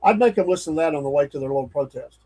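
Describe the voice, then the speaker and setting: A man's voice: a little high, expressive, rapid-fire, mellow. A man co-hosting a casual morning show, blunt and plain-spoken. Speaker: co-host.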